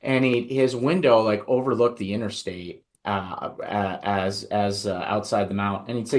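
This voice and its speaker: A man's voice: lowish voice, fairly even intonation, normal speed, hardly any pauses. A male podcast host who asks questions and tells stories in a casual, rambling way. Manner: conversational, storytelling, many fillers.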